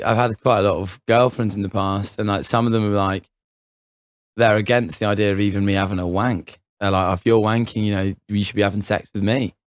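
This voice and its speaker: Young man, low voice, rambling story, lots of fillers and restarts, dry close sound. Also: no room sound. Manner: rambling, many fillers and restarts, laughs often. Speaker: podcast co-host. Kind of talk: casual chat, storytelling.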